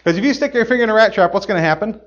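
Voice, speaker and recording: A man giving a playful, animated object lesson to children, exclaiming and laughing as he goes. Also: high-pitched, rapid-fire, highs cut off. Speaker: children's gospel magician.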